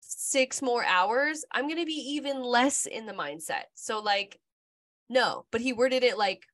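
A woman's voice: a little high, expressive, measured pace, a bit bright, dry recording. A woman in her thirties co-hosting a podcast, telling stories in a candid, rambling casual chat full of "like". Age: 30s. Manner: candid, rambling storytelling with frequent "like". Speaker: podcast co-host.

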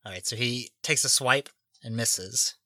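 Bright, dry-voiced man running the game. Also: mid-range voice, measured pace, no echo. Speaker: game master. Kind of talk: narrating a tabletop game.

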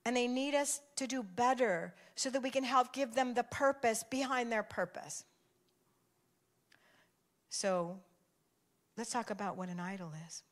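A woman's voice: on the high side, measured pace, pauses often. An older woman giving a conversational sermon, telling a family story with emphatic repetition. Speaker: speaker sharing a devotional message.

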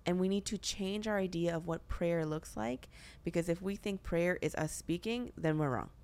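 On her podcast, a young woman with a darkish voice on the low side speaks at normal speed. She talks about faith in an earnest, chatty manner, full of fillers.

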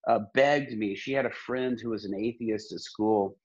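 A man's voice: fairly low pitch, moderate pace, breathy edge, lo-fi sound. A male pastor talking in an interview, telling stories in an earnest, impassioned, preacherly way. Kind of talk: earnest conversational storytelling.

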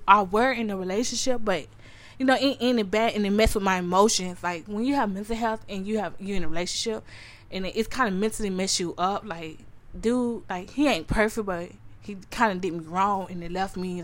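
A woman's voice: mid-range voice, normal speed, fairly bright tone. A young adult woman hosting her own podcast, telling her personal story to listeners in an earnest, repetitive way and calling them honey. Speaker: podcast host. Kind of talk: personal testimony to a live audience.

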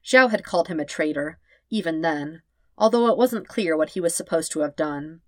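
A woman calmly narrating a fan story in a steady, even reading voice. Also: deep voice, normal speed, no echo, studio quality. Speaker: podfic reader. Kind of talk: scripted narration.

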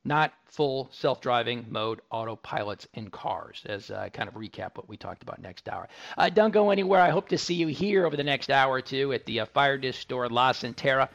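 A man's voice: mid-range voice, moderate pace, vocal fry, few pauses, a bit bright, lo-fi sound. A man hosting a live tech radio show on location from a store, chatting enthusiastically with tangents and restarts. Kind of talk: live radio talk broadcast.

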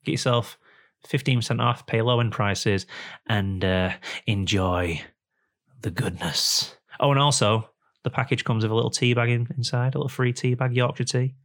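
A man's voice: mid-range voice, fairly even intonation, brisk. A man hosting a podcast, reading a sponsor spot in a rambling, jokey way. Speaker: podcast host. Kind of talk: casual podcast chat and ad read. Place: indoor room, face to face with guest.

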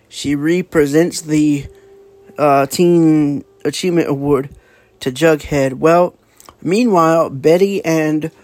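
A man's voice: fairly high pitch, darkish tone, no echo. A man casually recapping a comic book's plot, rambling with lots of fillers, restarts and offhand swearing. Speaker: comic book reviewer.

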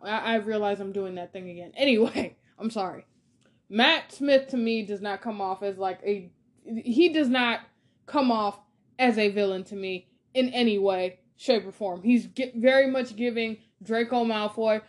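A woman hosting a casual film review monologue, chatty and exasperated, ranting with lots of filler words. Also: fairly high pitch. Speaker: podcast host reviewing films.

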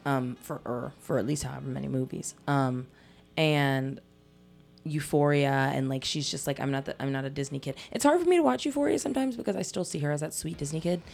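Low-voiced young woman co-hosting casually. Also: lively intonation, brisk, gravelly, a little mellow. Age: young adult. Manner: loose, profane, laughs often. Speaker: podcast co-host. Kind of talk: casual chat.

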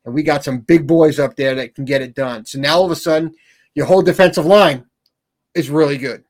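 A man co-hosting a sports talk show, speaking in casual, animated chat. He tags his points with "right?" and repeats and restarts words. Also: a little high, brisk.

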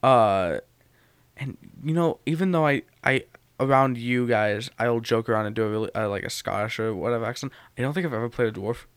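A man in casual chat, a game master telling tabletop stories in a joking, animated way. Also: medium pitch, fairly quick, clear, resonant tone, no echo.

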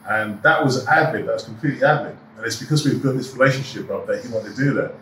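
A middle-aged man, an actor and producer, telling animated anecdotes in an interview and acting out the quoted dialogue. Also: mid-range voice, fast talker, recorded from a distance, slight background noise. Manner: animated storyteller who acts out quoted dialogue. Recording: echoey room, voice off-mic.

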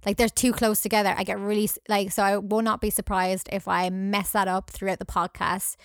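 A woman's voice: medium pitch, flat delivery, fairly quick, no echo, clean studio sound. A young woman co-hosting a podcast, chatting casually, joking and swearing freely. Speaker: podcast co-host.

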